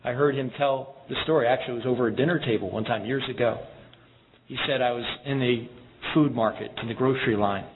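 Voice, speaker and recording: A man preaching a sermon in an earnest, measured way, reading scripture passages aloud. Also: medium pitch. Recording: tinny phone-like sound with background noise.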